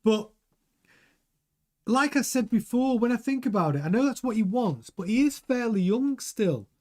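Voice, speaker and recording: His pitch is extremely high and his pace moderate as this middle-aged man hosts a live stream. Reading the chat, he chats animatedly, often repeating words and starting over mid-sentence.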